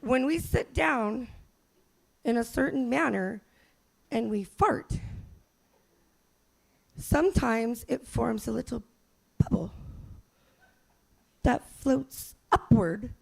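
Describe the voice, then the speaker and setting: A woman's voice: fairly high pitch, expressive, slow, creaky, long pauses, a little mellow, slightly rough. A woman in her forties doing a brash, profane, self-mocking stand-up comedy set.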